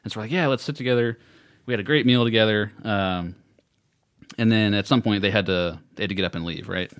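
Low-voiced American man telling a story. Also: fairly even intonation, fast talker, clear, resonant tone, no room sound, clean studio sound. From United States. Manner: rambling, laughing, trails off quietly. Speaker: podcast co-host. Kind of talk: casual storytelling chat.

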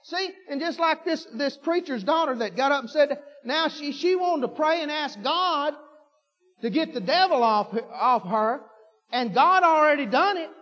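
A man preaching a sermon, folksy and fervent, repeating himself and building to shouts. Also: very high voice, lively intonation, normal speed. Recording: dull lo-fi recording with long hall reverb.

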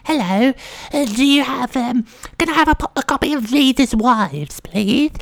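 A man puts on a shrill, creaky oddball, overly polite and awkward. His pitch leaps and swoops all over the place. The sound is close and dry. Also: animated, normal speed, no room sound, heavily acted. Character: squeaky awkward weirdo man buying a magazine.

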